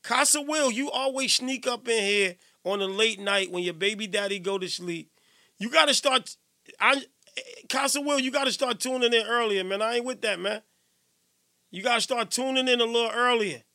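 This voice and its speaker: A man hosting a live radio show in casual chat, playful and teasing, giving hyped shout-outs. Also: very high voice, moderate pace.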